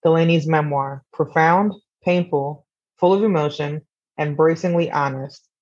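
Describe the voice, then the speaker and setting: This young podcast guest, younger sister of the host, joins by video call and reads a summary aloud in a relaxed, casual manner. She has a low, steady, unhurried voice that's a little mellow; the recording is dry and the call audio slightly muffled.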